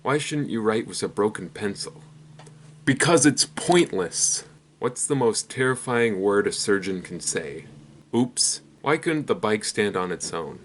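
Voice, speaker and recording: A young man hosting his own channel, telling a rapid string of one-liners in a deadpan way. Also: fairly low pitch, slight background noise. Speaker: comedy channel host. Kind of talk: rapid-fire joke telling.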